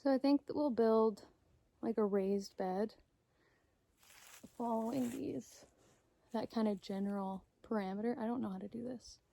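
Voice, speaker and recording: A woman's voice: fairly high pitch, unhurried, gravelly, pauses often, dark tone. Chatty woman vlogging outdoors. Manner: thinking aloud, unsure, chatty. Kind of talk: casual vlog walkthrough. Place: outdoors in a wooded yard.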